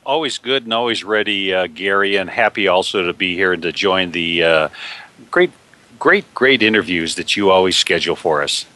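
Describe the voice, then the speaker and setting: An effusive man speaks as a guest on talk radio and keeps the praise coming between his fillers. His voice sits a little low but has a bright, forceful edge. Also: lively intonation, normal speed. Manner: effusive and agreeable, with many fillers. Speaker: guest, veterans' historian. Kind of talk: radio interview chat.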